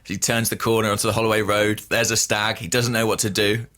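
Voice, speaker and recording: A man, co-hosting a casual podcast and telling stories in a wry, deadpan way. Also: on the low side, fast. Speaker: podcast co-host. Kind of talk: casual chat.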